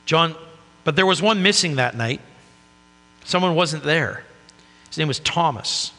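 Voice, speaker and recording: A man's voice: a little high, expressive, a little slow, sharp tone, long reverb tail. A man preaching a sermon as a pastor, in an earnest, conversational way.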